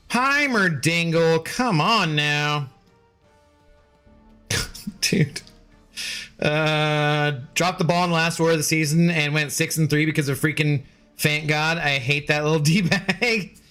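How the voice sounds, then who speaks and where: A man's voice: fairly high pitch, bright, forceful tone. A young man streaming a game, chatting casually and ranting with exasperation, swearing freely. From United States. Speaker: gaming streamer. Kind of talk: casual live-stream commentary.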